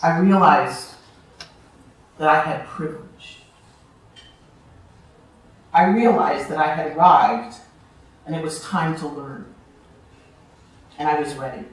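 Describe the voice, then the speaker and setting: A woman giving a storytelling speech to an audience, expressive and deliberate with dramatic pauses. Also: low voice. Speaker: keynote speaker. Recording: very echoey hall, distant mic.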